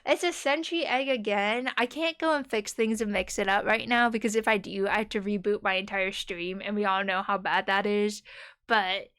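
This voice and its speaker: A woman's voice: medium pitch, steady tone, normal speed, a bit bright, smooth. A young woman streamer chatting casually with her viewers, rambling and giggling and dropping playful slang.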